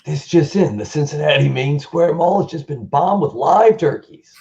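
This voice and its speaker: A man's voice: on the high side, animated, moderate pace, gravelly, darkish tone, pitched above the performer's own voice. Guy doing a brash 80s movie reporter voice, punchy, kinda muffled lo-fi sound. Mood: breaking news. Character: brash male 1980s movie news reporter. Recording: dull lo-fi sound.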